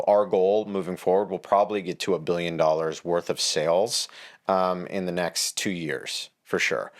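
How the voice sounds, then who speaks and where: Confident low-voiced real estate agent. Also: male voice. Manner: confident, upbeat pitch. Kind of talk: podcast interview.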